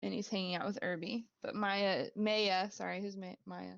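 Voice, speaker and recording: Gravelly-voiced woman dungeon master. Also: lowish voice, flat delivery, fast talker, no room sound. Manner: laughing often, rambling with fillers. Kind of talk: narrating a tabletop game. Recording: dull lo-fi mic.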